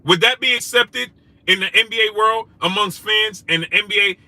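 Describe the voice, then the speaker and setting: A man's voice: high voice, moderate pace, no echo. A man hosting a live stream, greeting viewers and firing back at comments in a combative way. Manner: combative, rising to loud indignant questions; greets chat viewers by name. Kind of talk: livestream chat reading comments.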